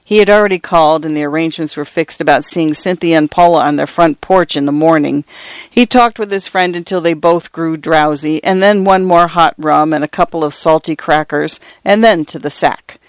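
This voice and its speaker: A man reads literary fiction aloud with a measured, wry touch. His voice sits a little high for a man. The sound is close and dry, with no room around it. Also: clear, resonant tone, no room sound. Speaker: audiobook narrator.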